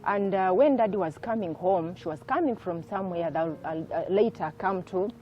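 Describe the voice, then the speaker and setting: A woman guest telling her life story in an interview, soft-spoken and reflective, with many fillers. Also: fairly low pitch, brisk. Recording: dull lo-fi recording with faint music.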